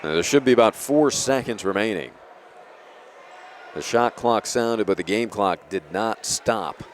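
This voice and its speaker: A man calling a college basketball game as play-by-play announcer, measured and clear, lifting his voice on big plays. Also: lowish voice. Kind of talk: basketball commentary. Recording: broadcast with arena noise behind.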